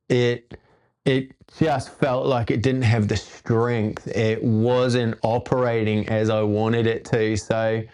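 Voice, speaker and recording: A man's voice: mid-range voice, a little mellow. A man hosting his own show, telling a personal story in a casual, rambling way with laid-back surfer slang. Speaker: host.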